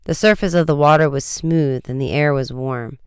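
Man reading an audiobook, steady and measured, super clean dry sound. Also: fairly high pitch, smooth, dry recording. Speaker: narrator.

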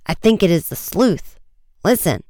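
A man voicing an eager, quick-speaking teenage boy detective in a storybook reading. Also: sits high, sing-song, darkish tone, dry recording, clean studio sound, voice pushed up, full character voice.

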